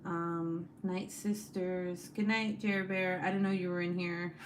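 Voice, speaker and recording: A woman's voice: lowish voice, level tone, a little slow, a little hiss or hum. A woman hosting a casual livestream, reading out chat comments, laughing often and swearing freely.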